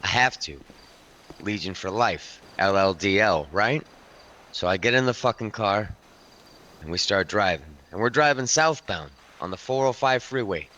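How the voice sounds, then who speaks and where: A man's voice: fairly low pitch, expressive, normal speed, bright, forceful tone, highs cut off. A man role-playing a hardened, foul-mouthed biker club enforcer, rambling through a story and calling the listener by name. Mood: tense storytelling. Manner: keeps addressing the listener by name. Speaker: roleplay character telling a story. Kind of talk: improvised game role-play storytelling.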